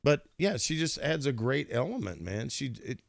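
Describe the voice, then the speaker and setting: A man's voice: mid-range voice, big pitch swings, normal speed, gravelly, dry recording. A young man talking as a podcast guest who rambles and goes off on rants. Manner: rambling, ranty. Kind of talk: casual chat.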